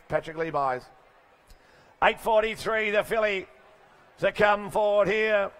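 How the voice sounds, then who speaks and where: A man working as auctioneer, rattling off bids in a rapid chant and dropping into chatty asides between lots. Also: high-pitched, fairly bright tone. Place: sale ring.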